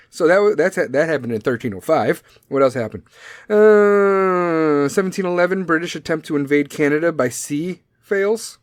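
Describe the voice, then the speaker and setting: A man's voice: on the high side, expressive, normal speed, no room sound, clean studio sound. A man hosting a talk show, casually riffing on history dates with lots of profanity, sarcasm and his own laughter. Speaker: podcast host.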